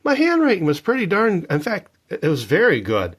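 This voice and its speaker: A man in his fifties chatting casually about his record collection, jokey and animated. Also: high-pitched, normal speed, husky. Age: 50s. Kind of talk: casual show-and-tell vlog.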